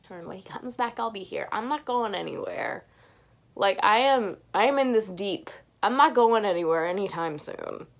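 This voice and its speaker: A young woman talks casually to her camera from home, chatty and a little rambling. She restarts her sentences often and gushes about the things she loves, at an ordinary mid pitch. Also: expressive, moderate pace, gravelly. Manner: chatty and rambling, with frequent restarts and gushing enthusiasm. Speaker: vlogger answering viewer questions. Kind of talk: casual chat. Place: home bedroom.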